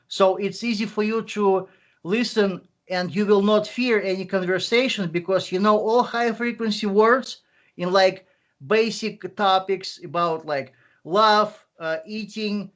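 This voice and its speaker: A man from Russia speaking English with a Russian accent, giving advice in an online interview, halting often with fillers and restarts. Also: sits high. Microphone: video call.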